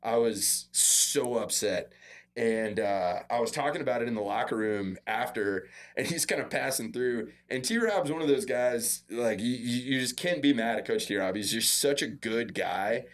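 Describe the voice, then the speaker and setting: A man's voice: medium pitch, measured pace. A young man casually recounting a practice story, quoting his coach with a raised voice. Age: young adult. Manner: relaxed, self-deprecating, quotes coach in a raised voice. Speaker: podcast guest, former football walk-on.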